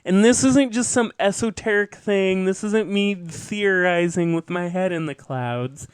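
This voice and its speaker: Male host, high voice, slow and deliberate, earnest lecturing monologue on a show. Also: clean tone, no room sound. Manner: earnest, lecturing, with asides and self-corrections. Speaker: podcast host. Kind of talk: political commentary monologue.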